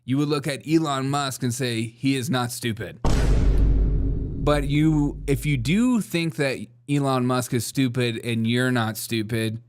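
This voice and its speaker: A man's voice: medium pitch, slow, noisy background. A man hosting a political comedy show, talking sarcastically and laughing at his own jokes. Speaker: host.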